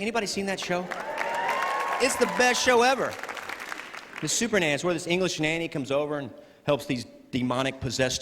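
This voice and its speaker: Comedian guy on stage, high voice, lively, crowd noise all over. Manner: animated, jumps into shrieking character voices. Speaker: stand-up comedian. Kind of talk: stand-up comedy set. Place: large hall with live audience. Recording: echoey hall, crowd laughter, noisy.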